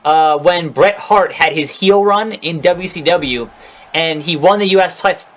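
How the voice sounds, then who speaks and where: A man's voice: a little high, unhurried, fairly bright tone. Ranting, profane man recapping wrestling. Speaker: wrestling show reviewer. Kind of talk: casual solo recap vlog.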